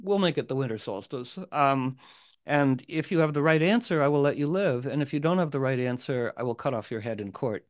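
A man storyteller voicing an enemy knight who lays out a deadly bargain in a low, matter-of-fact voice. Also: expressive, a little fast, no room sound, natural voice. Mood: calm threat. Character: menacing old enemy knight, coolly bargaining. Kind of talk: oral storytelling.

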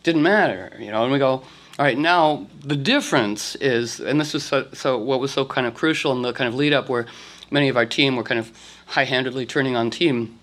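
A man's voice: mid-range voice, quick pace, a bit bright. A man giving a spiritual talk to an audience, rambling, with frequent fillers and restarts.

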